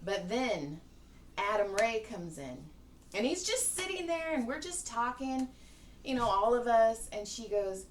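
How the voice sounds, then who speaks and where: A woman's voice: on the high side, big pitch swings, measured pace. A woman podcast host telling a rambling, profane story in casual chat. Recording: roomy, distant mic, faint hiss.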